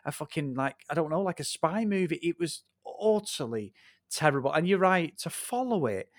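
A man's voice: on the high side, big pitch swings, moderate pace, no room sound, studio quality. A man co-hosting a casual film review podcast, blunt and sweary as he rants about a bad movie. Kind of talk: casual chat.

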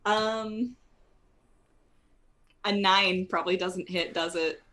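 A woman playing a character in a tabletop role-playing game, with an expressive, playful manner. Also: medium pitch, slow. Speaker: player.

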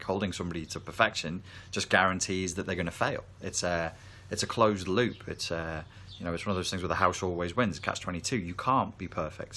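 A man talking to camera as a therapy coach, calm and reassuring as he explains. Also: deep voice. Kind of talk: reflective talk to camera.

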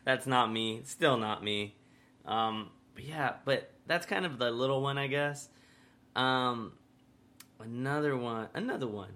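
A man's voice: mid-range voice, takes it slowly, bright, forceful tone. A young man co-hosting a podcast, telling a story in a loose, rambling way, laughing often and swearing casually. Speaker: podcast co-host.

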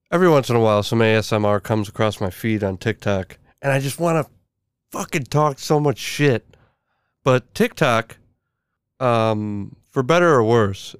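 A man's voice: medium pitch, smooth, no room sound, studio quality. A man hosting a podcast, delivering a crude, irreverent comedic monologue full of swearing. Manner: profane, irreverent, joking. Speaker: podcast host.

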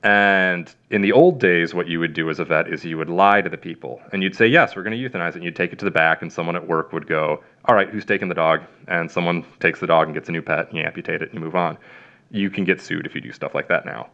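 A man's voice: low voice, fairly even intonation, fast, sharp tone. A man, a veterinarian, casually telling long stories in an interview, rambling with lots of fillers and acting out what people said. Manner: rambling with many fillers and acted-out quotes. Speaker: veterinarian guest. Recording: dull lo-fi sound.

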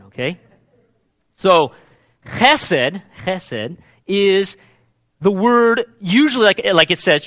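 Pastor type, male, high bright voice with big swings, emphatic sermon delivery, dry close sound. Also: no echo. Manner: emphatic, repeats key words.

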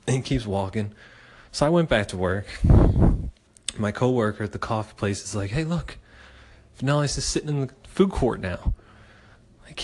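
A man in his forties from the Philadelphia area telling a personal story in a casual, animated way, swearing freely and using lots of fillers. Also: on the low side, normal speed, long pauses, slight background noise. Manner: animated and profane, with frequent fillers.

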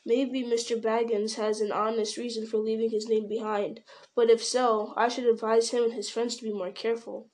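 A woman voicing a grim, watchful male ranger in an audiobook, speaking in a measured, sometimes sharp way. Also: a little high, little pitch movement, lightly acted. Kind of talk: audiobook character reading.

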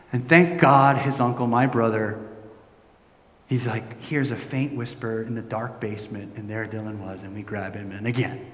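A middle-aged man delivers a sermon from the pulpit, acting out the voices in his stories. He drops to a quiet, hushed tone when he turns reflective. His voice rings through a large hall with a long, roomy reverb. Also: mid-range voice. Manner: animated storytelling, acting out quoted voices. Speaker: pastor.

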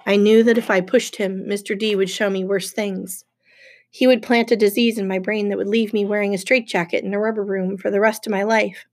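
A woman narrates a first-person novel with steady, even storytelling. Her voice sits at a middle pitch for a woman. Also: a little fast. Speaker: audiobook narrator.

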